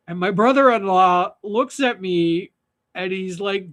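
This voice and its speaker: A man's voice: sits high, measured pace, a bit bright. A man hosting a fly-tying livestream, telling a rambling funny fishing story and laughing at his own jokes.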